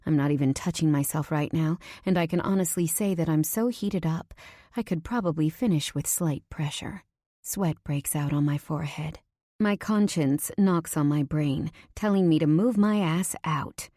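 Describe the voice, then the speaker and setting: A woman narrating a first-person romance audiobook in an intimate way, dropping at times to breathy whispers. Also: deep voice, normal speed, dark tone, dry recording, clean studio sound.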